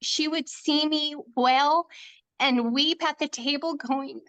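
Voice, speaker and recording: Woman guest, high voice, heartfelt and emphatic storyteller, casual chat. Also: slow pace, a bit bright. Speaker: podcast guest. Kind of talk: casual faith podcast chat.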